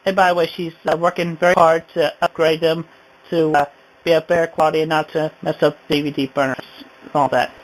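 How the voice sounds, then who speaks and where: A woman vlogs an indignant, rambling rant from home, sighing often. Her voice is low-pitched and brisk with a level tone, and the recording quality is low.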